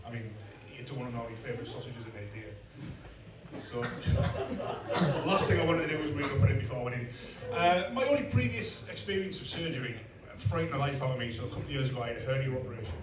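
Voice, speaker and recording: A middle-aged stand-up comedian, blunt and self-mocking, speaks fast in an expressive mid-range voice and makes asides to the crowd. He's on a comedy club stage with a live audience, heard from a distance in roomy club sound with laughter from the crowd.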